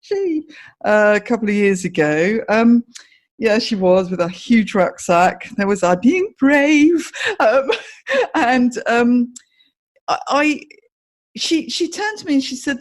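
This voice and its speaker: A woman's voice: on the high side, sing-song, takes it slowly. A middle-aged woman hosting a podcast, chatting casually with many fillers and restarts. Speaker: podcast host. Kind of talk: casual interview chat.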